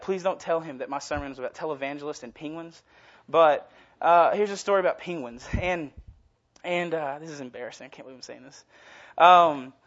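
A man's voice: fairly high pitch, fairly bright tone. A young man giving an informal sermon as a guest preacher, casual and self-deprecating, rambling and often restarting his sentences. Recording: dull lo-fi recording.

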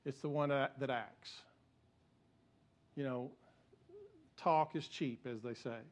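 A man's voice: mid-range voice, steady tone, takes it slowly. A male pastor, preaching a sermon in a conversational way that builds to emphatic peaks.

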